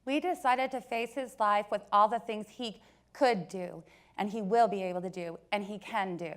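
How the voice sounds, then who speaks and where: A woman in her forties giving a personal storytelling talk to an audience, joking at times and turning soft and earnest at others. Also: medium pitch, moderate pace. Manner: warm joking storyteller, switches between laughs and soft earnest passages. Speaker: company speaker.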